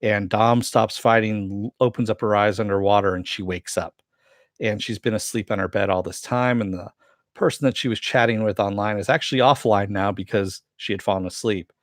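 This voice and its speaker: A man's voice: steady tone, a little fast, no echo, studio quality. Chatty man recapping a TV episode. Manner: loose storytelling with many fillers, chuckles often; voices the characters' lines with a lifted pitch. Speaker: TV reviewer.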